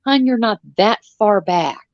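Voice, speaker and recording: Co-hosting a casual live commentary stream, this sixties-aged woman vents in a blunt, profane, sarcastic way. She speaks at a measured pace in an animated, mid-range voice, and the audio has its high frequencies cut off.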